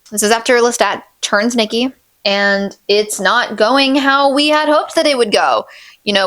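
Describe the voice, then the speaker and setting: Woman book vlogger, gushing fan commentary, middle pitch, dead-dry close sound. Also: fairly bright tone, no echo. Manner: gushing and emphatic, repeats herself for stress. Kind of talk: casual fan commentary reading book quotes.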